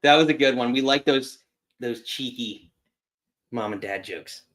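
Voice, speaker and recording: A man's voice: mid-range voice, unhurried, fairly bright tone. A man hosting a wrestling call-in show, taking callers and reacting in an upbeat way. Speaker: host.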